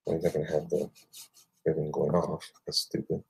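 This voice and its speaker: A man's voice: extremely low pitch, completely flat delivery, fairly quick, gravelly, husky. A man chatting casually with viewers while drawing on a livestream, rambling and muttering to himself.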